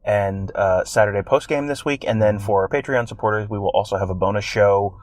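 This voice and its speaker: A man with a somewhat low voice co-hosts a sports podcast in loose, rambling conversation. He slips in wry, self-mocking jokes as he talks. The sound is dry and close, with no room around it. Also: a little fast, no room sound. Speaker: podcast co-host. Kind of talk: casual sports chat.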